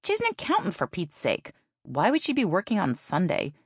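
A woman's voice: on the low side, wildly swooping pitch, fairly quick, breathy edge, dry recording, studio quality, pitched above the performer's own voice, full character voice. A woman voicing a sarcastic adult sister who teases and needles in a raised voice. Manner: mocking, needling.

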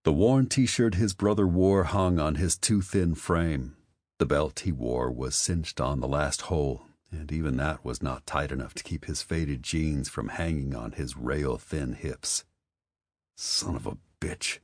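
A man reads an audiobook in an exceptionally deep voice. His delivery is measured and steady. The recording is dry and close. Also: no echo. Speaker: audiobook narrator. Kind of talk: scripted narration.

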